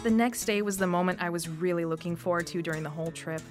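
A woman's voice: on the low side, fast talker, faint music behind. A woman in her thirties from Wisconsin, with a Northeast Wisconsin accent, reading her own personal story for radio in an upbeat way. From Wisconsin, USA. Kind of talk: scripted personal narration.

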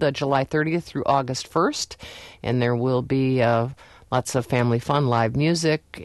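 A woman hosting a public radio program in a friendly, brisk announcing manner. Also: low voice, no room sound, studio quality. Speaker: radio show host.

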